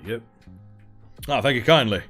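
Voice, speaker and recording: This man's mid-range voice moves at a moderate pace over music. He's a chatty livestream host painting miniatures, reading out and thanking chat, and laughing a lot.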